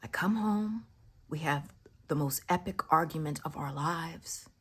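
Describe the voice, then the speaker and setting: Low, husky-voiced woman storyteller. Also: a little slow, fairly bright tone. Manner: drops into whispers for emphasis; reflective, spiritual musing. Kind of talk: casual spoken storytelling.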